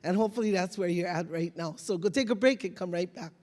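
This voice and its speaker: A man's voice: high voice, fast, a little mellow, slight background noise. A man, an organizer, heartfelt and a little emotional as he thanks the speaker and announces a break. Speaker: event organizer. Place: large hall. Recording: long hall reverb.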